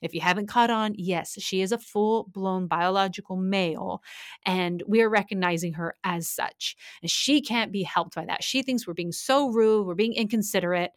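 A woman hosting a podcast, telling a true case from her forensic work in a blunt, animated, conversational way. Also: mid-range voice, moderate pace, no room sound, studio quality. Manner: animated, blunt and conversational, acting out quoted voices. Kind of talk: casual true-crime storytelling.

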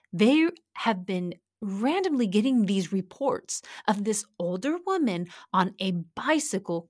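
Female host for casual true-crime narration: animated, frank, acts out quotes, dry and close-miked. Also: on the high side, no echo. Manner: animated, blunt and conversational, acting out quoted voices.

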